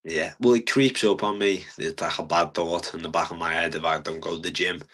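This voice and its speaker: A young man, a fighter talking earnestly in a casual interview, halting often with fillers. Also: deep voice, steady tone, fairly bright tone, slightly rough. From England. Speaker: guest fighter.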